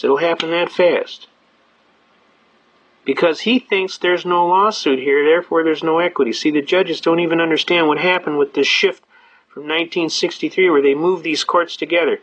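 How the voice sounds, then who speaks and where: Animated man telling courtroom stories. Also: a little high, dull audio. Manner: animated storyteller, acting out quotes. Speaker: constitutional law lecturer. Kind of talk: seminar storytelling.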